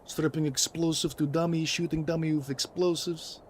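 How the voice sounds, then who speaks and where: A man's voice: a little high, level tone, moderate pace, pitched above the performer's own voice, lightly acted. A man voicing a cheesy male Russian gun-video host in an exaggerated fake Russian accent, over a noisy game stream. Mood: hammy.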